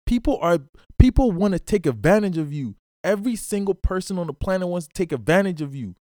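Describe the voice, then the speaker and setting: A man's voice: high voice, lively intonation, brisk, mellow, dry recording, clean studio sound. A man hosting his own podcast, giving a blunt, profane motivational monologue and repeatedly calling the listener bro. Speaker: podcast host.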